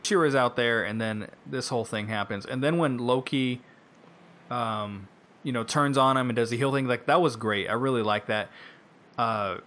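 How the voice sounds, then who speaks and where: Chatty man mimicking people mid-story. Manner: animated, mimics people in quick asides. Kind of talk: casual wrestling chat. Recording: faint rumbling background noise.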